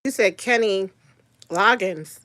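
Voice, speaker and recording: A woman's voice: medium pitch, slow, fairly bright tone, no room sound, clean studio sound. A woman hosting a casual live stream, teasing commenters, laughing often and apologizing for eating.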